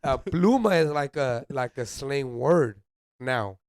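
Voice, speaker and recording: A man's voice: medium pitch, lively intonation, slow pace, clear, resonant tone, dry recording, clean studio sound. A young man, co-hosting a casual podcast in laid-back, slangy banter that mixes in Spanish words. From United States. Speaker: podcast co-host. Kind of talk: casual chat.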